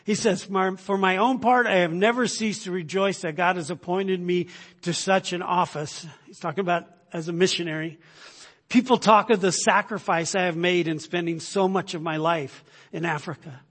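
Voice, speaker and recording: Husky high-voiced preaching man. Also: normal speed. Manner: emphatic, rhetorical questions, swings between loud and hushed. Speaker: pastor. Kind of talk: sermon.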